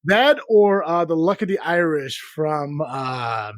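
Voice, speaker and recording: A man's voice: on the high side, animated, takes it slowly, no room sound. Rambling, swearing man in a dry recording. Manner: rambling, profane, self-deprecating. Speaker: podcast host. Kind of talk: casual live-stream banter.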